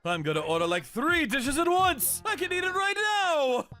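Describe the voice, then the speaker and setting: A man's voice: very high voice, big pitch swings, normal speed, soft background music, full character voice. A man voicing a fuming ignored customer. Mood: annoyed. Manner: grumbling asides, sudden yelling. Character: irritable young male customer, ignored and fuming. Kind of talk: animated dub acting.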